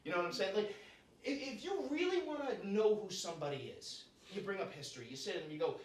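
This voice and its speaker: A man's voice: high-pitched, very animated, a little fast, sharp tone. A man performing a live stand-up set in a comedy club, brash and profane, tagging his lines with "right?" and "you know?". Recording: echoey club room from far off.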